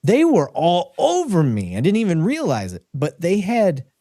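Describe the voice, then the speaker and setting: A middle-aged man co-hosting a live podcast, telling a story with animated energy and frequent laughter. His voice is mellow and dark, recorded dry and close with no room sound. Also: high voice, normal speed, no room sound. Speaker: podcast co-host.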